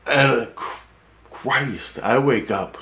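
Slow and fairly bright, this mid-range male voice tells a lengthy dream story as a vlogger. It's a rambling, casual monologue, full of swearing and repetition, punctuated again and again by "okay?".

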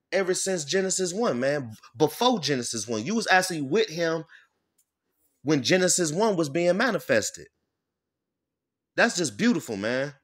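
A man giving an informal sermon. He reads verses slowly, breaks them down bluntly with profanity, and keeps checking in with "all right?". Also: a little high. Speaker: scripture teacher. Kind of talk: informal sermon with scripture reading.

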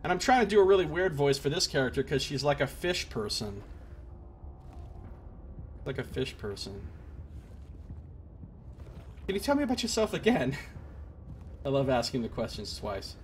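A man's voice: mid-range voice, very animated, moderate pace, pauses often, a little hiss or hum. A man streaming a role-playing game, chatting casually with joking, self-deprecating asides. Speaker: let's play streamer.

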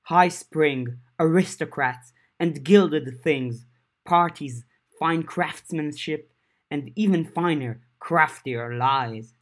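A man voicing a proud fairy man of the summer court in a fan audiobook, speaking in a slow, grand, theatrical way. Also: fairly high pitch. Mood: grandiose. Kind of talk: audiobook character voice.

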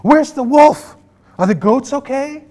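A man voicing an alarmed adult villager in a children's storybook reading, crying out loudly in a raised, much higher voice. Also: very animated, slow, exaggerated voice. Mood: alarmed, scolding. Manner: shouting, alarmed. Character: loud anxious adult villager with a stick.

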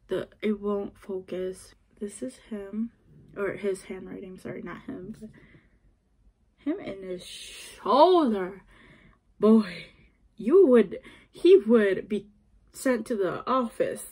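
A woman talks through an unboxing on her phone in an easy, gushing way. She speaks slowly in a slightly husky voice, giggling often and slipping into whispers. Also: medium pitch, darkish tone. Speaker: vlogger unboxing an album. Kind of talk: casual chat to camera.

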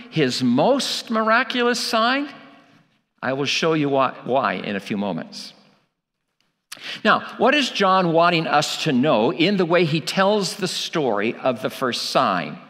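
A man's voice: fairly high pitch, big pitch swings, slow, sharp tone, in a large hall. A man preaching a sermon, emphatic, asking rhetorical questions and repeating key lines for weight. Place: church.

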